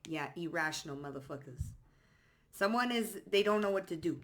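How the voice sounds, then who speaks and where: A woman with a somewhat low voice talks through a tarot reading in a loose, casual way. She is blunt and sassy and swears freely. She reads out card phrases in short bursts. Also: animated, moderate pace. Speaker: psychic tarot reader.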